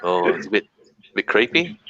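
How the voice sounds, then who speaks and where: A man's voice: low voice, big pitch swings, moderate pace, bright, forceful tone, dull audio, a little hiss or hum. A man hosting a casual live-stream panel chat, telling profane stories and laughing as he talks. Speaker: panel host.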